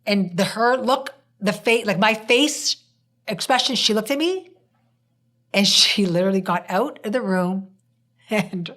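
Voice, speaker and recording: Woman host telling a lively story. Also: mid-range voice, unhurried. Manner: animated storytelling, acting out quoted speech. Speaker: podcast host. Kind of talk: casual podcast chat.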